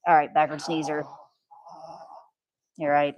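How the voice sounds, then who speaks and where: A woman in her home art studio, chatting casually and cooing at her excited dogs in a sing-song voice. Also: on the low side, a little slow, creaky, slight background noise. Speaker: painter recording in her studio.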